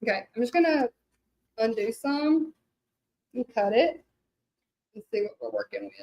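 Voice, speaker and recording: A woman's voice: on the high side, lively intonation, measured pace, a little mellow. Chatty Southern woman lettering a sign. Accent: Louisiana Southern. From Louisiana. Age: middle-aged. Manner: chatty, rambling, many fillers, talks to viewers. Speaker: hand-lettering artist. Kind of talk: casual craft livestream chat.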